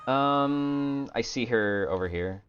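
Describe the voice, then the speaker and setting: A man streaming a game, talking to himself in a low-energy, grumbling way and swearing often. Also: slow pace, faint music behind. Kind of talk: casual gameplay commentary. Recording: dull lo-fi stream audio.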